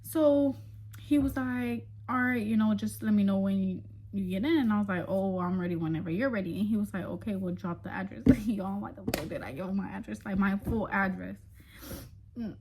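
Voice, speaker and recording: A young woman tells a story to her viewers in a loose, chatty vlog monologue. Her voice sits at a middle pitch for a woman. She swears freely and breaks into laughter between lines. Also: fairly quick, background noise. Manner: addresses viewers directly as y'all. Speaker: vlogger.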